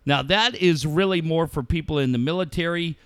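Radio cohost guy, jokey, reads fake fan letters, smooth clean voice. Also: on the high side, fairly quick, a bit bright, no room sound, studio quality. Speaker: radio show co-host. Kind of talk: casual talk with sponsor reads.

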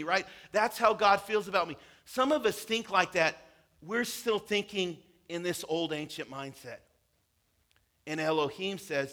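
Bright, high-voiced man preaching a sermon. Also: moderate pace. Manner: conversational, emphatic, acts out quotes. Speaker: pastor.

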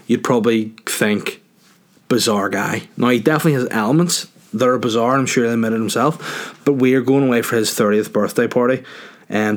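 Crude joking Northern Irish guy. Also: on the low side. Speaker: podcast host answering listener questions. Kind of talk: casual chat.

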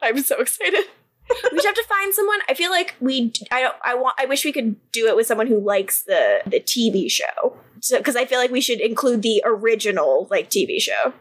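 A woman's voice: a little high, lively intonation, brisk. Laughing woman recapping a TV show. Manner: laughs often, acts out characters' lines. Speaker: podcast co-host. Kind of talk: casual chat recapping a TV episode.

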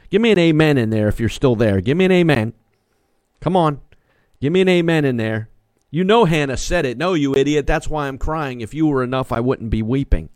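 A male pastor delivers a sermon from a small studio, stressing key phrases again and again and calling on his listeners to answer. His voice sits at a middle pitch, recorded close and dry with no room sound. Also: a little mellow, no room sound. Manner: emphatic, repeats key phrases, calls on listeners.

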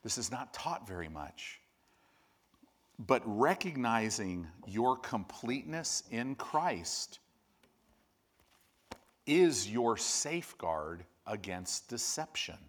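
A man preaching a sermon. He tells stories with lively, loud bursts and then drops to low, quiet emphasis. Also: slow pace, pauses often.

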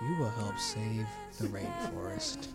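A male radio co-host hamming up a station promo with a bouncy, animated delivery. Loud music plays right under his voice. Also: lowish voice, a little slow. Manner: goofy mock-announcer delivery. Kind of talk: casual radio banter. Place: radio studio.

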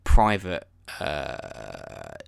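A man's voice: rumbling low, very animated, very slow, vocal fry, smooth, no room sound, clean studio sound. A man hosting a solo podcast, rambling off-topic in a self-deprecating way with casual swearing. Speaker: podcast host.

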